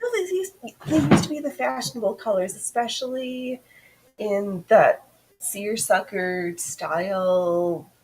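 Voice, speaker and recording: A woman hosting a casual chat while sewing, playful and expressive, laughing often. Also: medium pitch, takes it slowly, husky, low-quality recording. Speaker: host.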